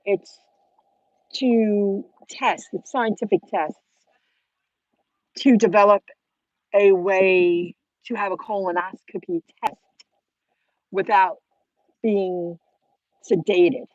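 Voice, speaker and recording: A woman's voice: mid-range voice, fairly even intonation, slow, pauses often, no echo. Chatty woman host, dry muffled sound. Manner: chatty and rambling, with restarts. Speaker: channel host. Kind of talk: casual chat to camera.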